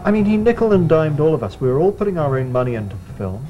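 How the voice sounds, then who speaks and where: A man's voice: on the high side, sing-song, quick pace, dull audio. A man as a film director in a mockumentary interview, bitter and scornful, complaining. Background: music.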